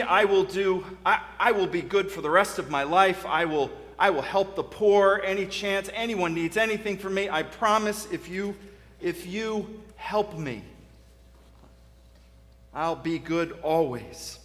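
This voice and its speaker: A preacher puts on a desperate man hanging from a cliff, his voice climbing high as he begs frantically for help. The pleading rings out with the long reverb of a church hall. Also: measured pace, fairly bright tone.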